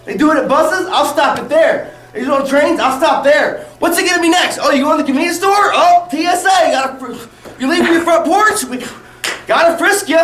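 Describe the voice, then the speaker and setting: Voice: high voice, brisk. A protester gives an outraged, repetitive, emphatic public speech. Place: public gathering. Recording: echoey, from far off, with music and crowd.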